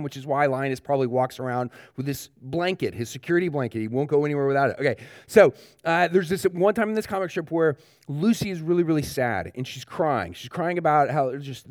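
A man's voice: medium pitch, expressive, brisk, a little mellow, no room sound, studio quality. A male pastor giving a children's sermon, asking the kids questions and talking to them directly.

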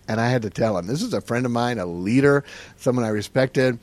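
A middle-aged man, a pastor, telling stories on a podcast and acting out the dialogue with a lively, laughing delivery. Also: medium pitch, brisk. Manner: animated storyteller who acts out dialogue and laughs often.

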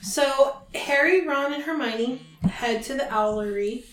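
A woman's voice: high voice, a little slow, fairly bright tone, slight background noise. Chatty woman podcaster, echoey room. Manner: chatty, teasing, laughs often. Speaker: podcast co-host. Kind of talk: casual chat.

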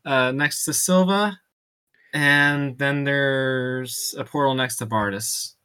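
A man running a tabletop game as game master, narrating slowly with many pauses and fillers. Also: medium pitch, bright, forceful tone, clean tone. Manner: hesitant, full of ums and pauses.

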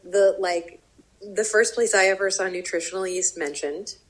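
A woman's voice: mid-range voice, normal speed, poor audio. Rambling woman baker chatting. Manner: rambling, many fillers, lively. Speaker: professional baker, co-host. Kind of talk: casual chat while tasting food.

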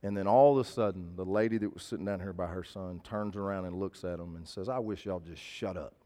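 A man's voice: low voice, fairly even intonation, quick pace, warm tone. A man preaching a sermon, telling a personal story in a conversational, emphatic way and repeating key phrases. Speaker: pastor.

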